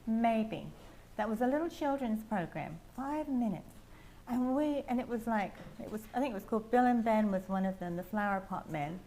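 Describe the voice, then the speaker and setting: A woman's voice: on the high side, animated, moderate pace, a little hiss or hum. Chatty older English woman. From England. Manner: chatty and meandering, with soft laughs. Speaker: testimony speaker at a prayer house. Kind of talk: personal testimony.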